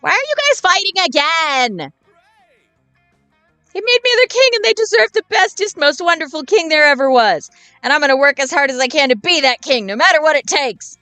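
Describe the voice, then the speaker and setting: A woman's voice: medium pitch, lively intonation, moderate pace, a bit bright, no echo, soft background music, natural voice. A woman voicing a dim, sweet jock monster boy who talks in an earnest, rambling, bro-ish way, in a dry recording.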